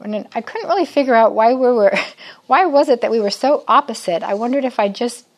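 Here an older woman leads a group of women through a Bible lesson in a chatty, conversational style, often asking them questions. She sounds a little high and animated, and talks slightly fast.

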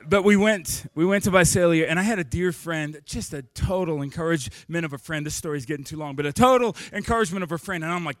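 A man's voice: on the high side, quick pace, hardly any pauses, no room sound, studio quality. A man preaching a sermon as a pastor, telling a personal story candidly with self-deprecating jokes.

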